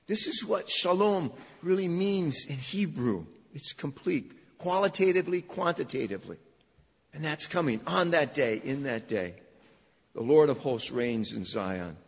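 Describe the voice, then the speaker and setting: A man preaching in a church, his voice slightly husky and a little higher than most men's. He drives points home by repeating phrases, mixing in dry asides. The recording is dull and lo-fi, with a long reverb from the sanctuary. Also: lively intonation, unhurried. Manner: emphatic, repeats phrases for emphasis, dry humor. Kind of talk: sermon.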